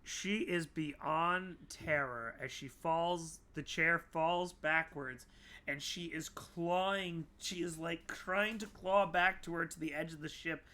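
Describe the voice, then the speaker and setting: A man narrating a tabletop game as game master, in animated, drawn-out storytelling. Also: fairly high pitch.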